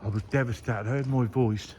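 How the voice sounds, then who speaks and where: A man's voice: mid-range voice, fairly even intonation, fairly quick, mellow. A man in his fifties with a Norfolk accent, mumbling and rambling as he reminisces while walking outdoors. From Norwich, England. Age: 50s. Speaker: vlogger. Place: outdoors, walking by a river and streets. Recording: outdoor phone recording with background noise.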